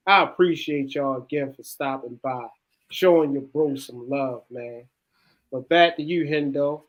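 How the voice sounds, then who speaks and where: A man hosts a relaxed podcast conversation, drawling his words out slowly. He keeps affirming the others and ends many lines with "man.". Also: mid-range voice. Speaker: podcast host. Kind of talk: casual podcast chat.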